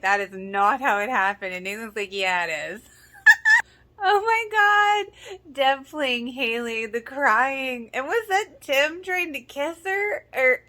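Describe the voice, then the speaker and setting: Bright-voiced woman host, chatty fan recapping scenes, quick to laugh and gush. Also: high voice. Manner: excitable, gushing, laughs often. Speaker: podcast host reacting to a TV episode. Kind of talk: casual reaction commentary.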